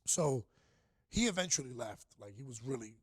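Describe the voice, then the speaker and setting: A man, a DJ guest on a podcast, telling stories in an animated, slangy way and swearing. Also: mid-range voice, moderate pace, husky, no room sound. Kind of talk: casual storytelling.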